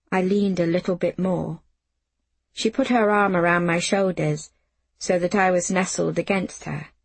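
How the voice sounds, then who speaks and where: A woman narrating a novel in the first person, in an unhurried, measured audiobook reading. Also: fairly low pitch, husky, no echo.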